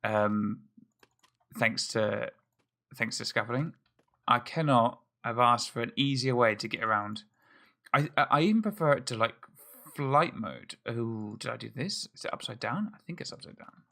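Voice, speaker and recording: Gravelly, bright-voiced man playing a game. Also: medium pitch, lively intonation, normal speed. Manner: chatty, self-mocking, thinks aloud. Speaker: let's play host. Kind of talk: casual gameplay commentary.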